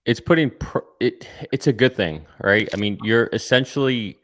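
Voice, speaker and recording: A man's voice: medium pitch, moderate pace, a bit bright, no echo. A man arguing his view on a live stream, emphatic and often checking "right?". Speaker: livestream panelist. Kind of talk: casual opinion chat.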